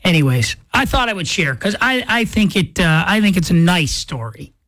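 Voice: medium pitch, animated, normal speed, fairly bright tone, no echo. A commentator telling a story in a casual monologue, acting out impatient inner voices. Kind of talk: casual monologue reacting to a viral video.

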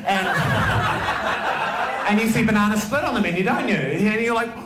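A high-voiced man with a New Zealand accent performs stand-up, animated and mimicking characters. The set rings in a roomy live space. Loud crowd ambience sits under it. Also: normal speed, heavy background noise. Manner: animated, acts out childhood voices. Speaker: stand-up comedian. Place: comedy stage, played as a clip.

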